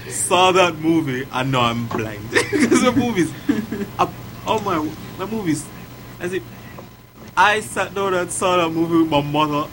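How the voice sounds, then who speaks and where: A man in casual chat, joking with exaggerated complaints and laughing often. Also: fairly high pitch. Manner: laughing, profane, mock-dramatic. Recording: noisy amateur recording.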